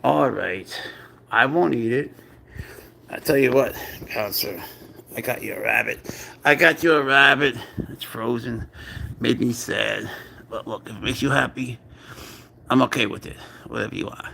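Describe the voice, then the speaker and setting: A man's voice: medium pitch, moderate pace, creaky, pauses often, pushed and bright, a little hiss or hum. A man hosting a casual live stream, talking playfully and coaxingly to his pet cat and calling it bro. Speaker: pet owner and channel host.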